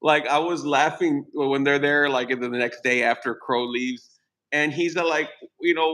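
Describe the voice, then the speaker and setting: A man's voice: on the high side, steady tone, normal speed, a bit bright. A man hosting a podcast, chatting casually about a movie in a rambling, profane way. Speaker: podcast host.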